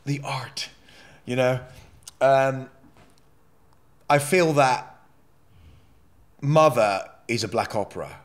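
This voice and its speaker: A man with a mid-range voice speaks slowly and pauses often as a podcast guest, telling a personal story candidly, bluntly and emotionally, with frequent swearing and rambling asides.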